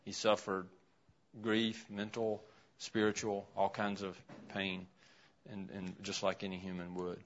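A lowish, sharp-toned man leads an interactive Bible lesson, asking the class questions as he builds a list on the board. The recording of the classroom is dull and lo-fi.

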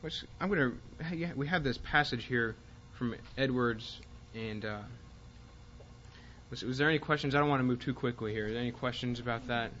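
Man teaching a Bible class, halting. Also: mid-range voice, fairly bright tone, dull audio. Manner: halting, with frequent fillers and restarts; reads quoted passages with more force.

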